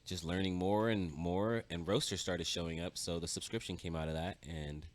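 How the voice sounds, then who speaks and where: Deep-voiced man chatting casually. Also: normal speed. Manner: relaxed, hesitant with many ums. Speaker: podcast guest. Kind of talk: casual chat while gaming.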